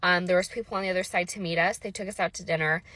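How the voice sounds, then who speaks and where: A woman's voice: lowish voice, fairly even intonation, bright, forceful tone, no echo. A woman in her thirties telling her own story in a casual, emotional way, acting out what others said and often saying "like". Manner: fast, emotional retelling with lots of quoted dialogue and "like" fillers.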